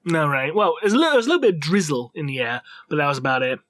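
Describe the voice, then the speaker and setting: A man co-hosting a lore livestream, talking in a relaxed, jokey way with lots of fillers. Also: fairly high pitch, very fast, dry recording, clean studio sound. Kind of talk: casual livestream chat.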